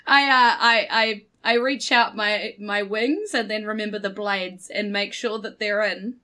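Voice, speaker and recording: A woman's voice: mid-range voice, fairly even intonation, a little slow, few pauses, bright, forceful tone. A woman playing a tabletop game, casual and giggly. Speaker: player.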